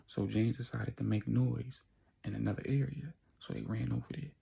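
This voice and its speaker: A man tells a story in a slangy, conversational way, pausing for drama. His voice is strongly gravelly and very husky. The tone is dark and mellow. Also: mid-range voice, steady tone. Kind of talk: casual spoken storytelling.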